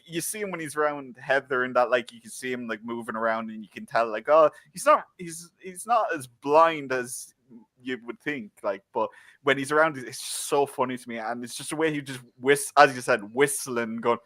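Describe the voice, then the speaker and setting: Irish guy on a review podcast, bright sharp tone, dry close sound, rambly and animated. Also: mid-range voice, normal speed, dry recording. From Ireland. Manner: animated, rambling with restarts and mild swearing. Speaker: co-host. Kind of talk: casual review chat.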